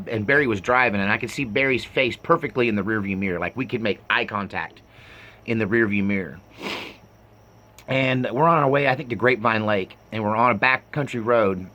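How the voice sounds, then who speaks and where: A man in his fifties tells stories from his younger days, wandering through the details with plenty of fillers. He is self-mocking and laughs at himself as he goes. His voice is bright and forward. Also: on the low side. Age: 50s. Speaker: storyteller. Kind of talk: personal storytelling.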